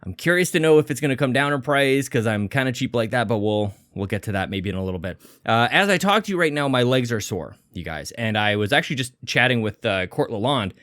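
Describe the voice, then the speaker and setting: Chatty podcast host, a bit breathless. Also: male voice, mid-range voice, animated, quick pace, few pauses, a bit bright, no echo, studio quality. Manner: chatty, rambling, self-deprecating. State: a little out of breath. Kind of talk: energetic casual podcast intro.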